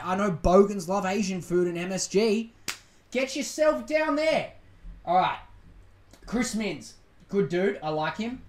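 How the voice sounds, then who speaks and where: Aussie bloke ranting on his podcast, sweary and sarcastic, echoey room. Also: high-pitched. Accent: Australian. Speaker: podcast host. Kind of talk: casual solo podcast rant. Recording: roomy echo.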